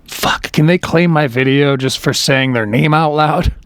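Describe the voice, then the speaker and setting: A man's voice: a little high, a little slow, clean tone, dry recording. Wry man reviewing a comedy special. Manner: wry, chatty, self-aware asides. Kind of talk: casual video commentary.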